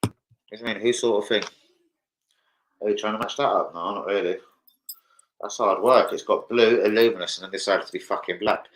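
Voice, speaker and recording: A man's voice: on the low side, steady tone, fairly quick, pauses often, a bit bright, poor audio. A young man chatting casually on a football fan livestream, rambling, swearing and reading out viewer comments. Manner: swearing, rambling, reads chat aloud. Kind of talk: casual live-stream chat.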